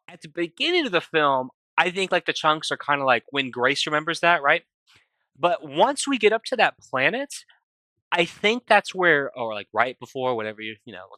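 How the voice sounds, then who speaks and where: A man's voice: fairly high pitch, bright, forceful tone, no echo. A man giving a casual, rambling film review, retelling scenes and quoting characters, full of "like" and "you know". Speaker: movie reviewer.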